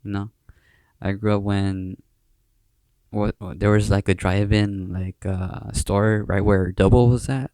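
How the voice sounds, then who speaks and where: The young SoCal podcast host talks in a lowish, mellow voice with a flat delivery at a measured pace, recorded dry. His casual chat wanders, heavy on slang, fillers and restarts.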